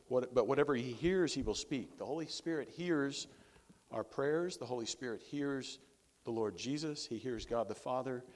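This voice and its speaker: A man preaching a sermon in a church sanctuary, talking with his congregation in an easy, conversational way and tossing them rhetorical questions. His voice sits at an ordinary middle pitch. A long reverb hangs on every phrase, as in a large hall. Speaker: pastor.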